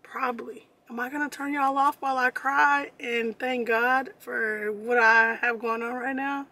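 A woman's voice: fairly high pitch, fairly even intonation, measured pace, hardly any pauses, pushed and bright, low-quality recording. A young woman in her twenties chatting bubbly and casually to the camera as a vlogger, in her car and then a store. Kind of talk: casual vlog chat.

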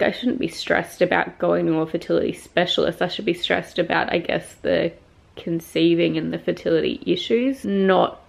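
A woman's voice: on the low side, creaky. A young woman vlogging, upset and frustrated, venting about her week with a teary voice after crying. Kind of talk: casual personal vlog.

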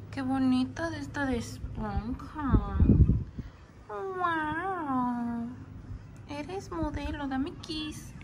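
A woman's voice: high voice, background noise. A woman vlogging casually at home, talking to her pets in cooing baby talk.

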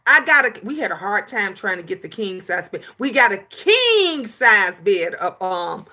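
A woman's voice: mid-range voice, sing-song, measured pace, pushed and bright. A middle-aged woman chatting casually on a livestream, reading viewer comments and calling people honey.

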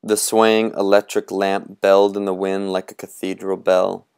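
A man reading a novel aloud in a measured, atmospheric storytelling manner. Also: deep voice, flat delivery, darkish tone, clean tone. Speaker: audiobook reader.

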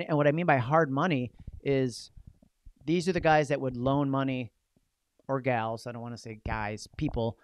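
A man coaching real estate agents in an energetic, punchy seminar talk full of rhetorical questions. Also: mid-range voice, no echo.

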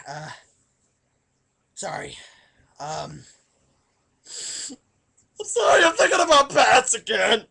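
A man playing a nervous, emotional superhero in a comedic monologue, halting and stammering with a gravelly, crying voice. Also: on the high side, pushed and bright, a little hiss or hum, full character voice. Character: nervous, weepy adult male superhero on a dating video.

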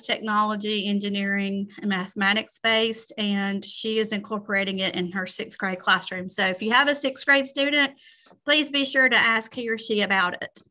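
A woman with a Southern American accent, a school administrator, explaining programs to parents at a school meeting in a measured way with frequent ums. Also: fairly high pitch, sharp tone. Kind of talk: informational presentation at a school meeting.

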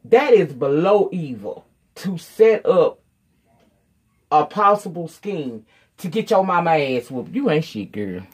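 A woman's voice: low-pitched, very animated, slow pace, a little mellow, husky. A woman giving a casual, off-the-cuff recap of a TV episode, blunt and profane, acting out the characters' lines as she retells the story. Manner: blunt, profane, sassy commentary. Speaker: TV recap reviewer.

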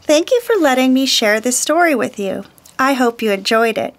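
A woman storyteller reading a children's picture book aloud, slow, gentle and deliberate. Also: sits high, animated, a little hiss or hum.

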